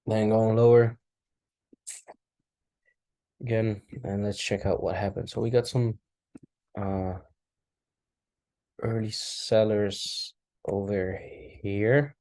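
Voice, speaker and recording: Low mellow-voiced man recapping trades. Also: slow, long pauses. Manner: relaxed, talks to himself while charting, asides and apologies. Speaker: trading recap host. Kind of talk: casual screen-share commentary.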